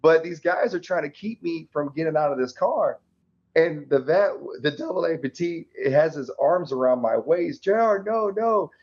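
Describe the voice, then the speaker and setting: A man guest telling a personal story candidly in an interview, lively and laughing often, acting out the dialogue. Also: on the high side, normal speed. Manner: animated, laughs often, acts out quoted dialogue. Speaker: podcast guest, army veteran. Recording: slightly dull lo-fi audio.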